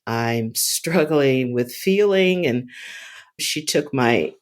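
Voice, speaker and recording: A woman telling a personal story in a casual, halting way, often repeating words and restarting sentences. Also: rumbling low, animated. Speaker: storyteller recounting a personal experience.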